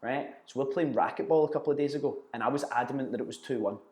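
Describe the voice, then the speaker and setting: A man's voice: medium pitch, rapid-fire, darkish tone. A young Scottish man, a guest in a casual interview, talking bluntly, swearing freely and telling stories with quoted banter. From Scotland. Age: young adult. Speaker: guest, entrepreneur. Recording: roomy echo.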